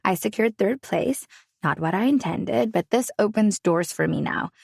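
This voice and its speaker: A woman's voice: mid-range voice, animated, moderate pace, gravelly, darkish tone, husky, no room sound, clean studio sound, heavily acted. A woman voicing an affectionate, playful male hairstylist friend in an audiobook.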